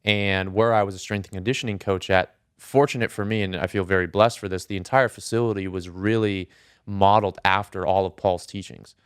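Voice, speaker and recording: A man's voice: sits low, steady tone, brisk, smooth, no room sound, clean studio sound. A man who works as a strength coach, a guest on a podcast, earnestly explaining his training background. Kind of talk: casual podcast interview.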